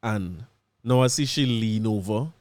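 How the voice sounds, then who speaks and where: Animated Trinidadian man telling a story. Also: lowish voice, unhurried, no echo. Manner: animated, laughing, acts out quoted voices. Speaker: podcast host. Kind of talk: casual storytelling monologue.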